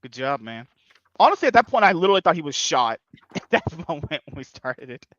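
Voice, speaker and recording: A man's voice: on the high side, sing-song, a little fast, a bit bright, dry recording, lo-fi sound. A man hosting a podcast in casual chat, rambling and provocative, often breaking into laughter. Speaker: podcast host.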